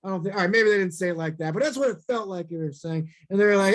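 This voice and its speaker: A man from St. Louis giving a storytelling talk, animated and self-deprecating, acting out quoted lines in bursts. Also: sits high, rapid-fire. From St. Louis, USA.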